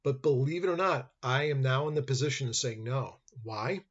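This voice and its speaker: Lecturing man, husky voice, dull recording. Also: mid-range voice, lively intonation, moderate pace. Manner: acts out dialogue in hypotheticals, conversational. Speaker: law professor. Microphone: computer webcam mic.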